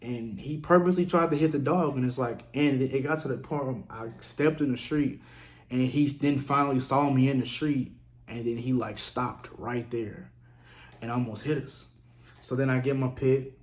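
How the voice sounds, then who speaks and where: Guy ranting through a street story, cussing a lot, mid voice, acts out everyone. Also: medium pitch. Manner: profane, animated, acts out quotes. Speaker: vlogger. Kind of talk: casual storytelling.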